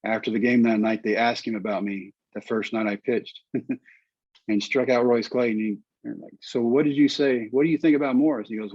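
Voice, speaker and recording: A middle-aged man telling his story as an interview guest, lively and quoting others in voices. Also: mid-range voice, moderate pace, slightly rough, no echo, dull audio. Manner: animated storyteller, quotes people in voices. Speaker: guest, former pitcher.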